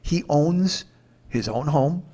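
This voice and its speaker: A fairly high-voiced man in his forties works through a comic story as a podcast host. He rambles, restarts his sentences and swears his way into incredulous rants. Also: lively intonation, slow, warm tone, husky. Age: 40s. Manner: profane, ranting, incredulous. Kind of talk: comedic storytelling monologue.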